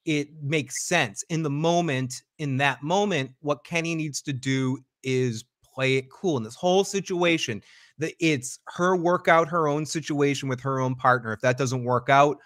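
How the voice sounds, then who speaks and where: A man on an after show, talking through a scene with lively energy and voicing the characters' lines as he goes. His voice sits a bit high for a man. The sound is close and dry, with little room around it. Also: normal speed, dry recording. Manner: animated, acts out characters' lines, many restarts. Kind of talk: casual recap chat.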